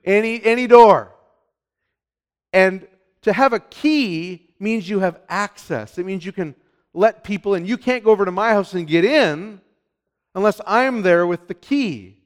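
A man preaching a sermon as pastor, emphatic, swinging from hushed lines to loud, urgent ones. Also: high-pitched, measured pace.

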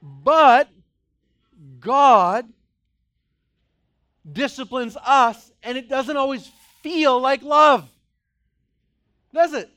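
A middle-aged male pastor preaching a sermon, acting out voices and swinging between loud outbursts and quiet, low passages. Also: extremely slow, long pauses, smooth.

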